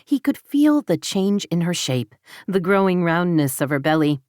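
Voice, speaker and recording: A woman with a low, deep voice reads an audiobook romance in steady scripted narration. The delivery is even, and the sound is dry and close with no room around it. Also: moderate pace, dry recording.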